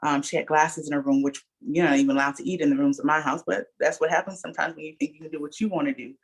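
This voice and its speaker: A woman's voice: low voice, steady tone, fast, husky. A middle-aged woman sharing a personal testimony as a guest speaker, telling her story earnestly and calling her listeners y'all.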